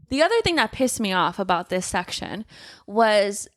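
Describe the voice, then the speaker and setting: A woman's voice: mid-range voice, sing-song, unhurried, no echo, studio quality. A young woman co-hosting a book podcast, chatting casually and acting out characters' lines with lots of swearing. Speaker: podcast co-host.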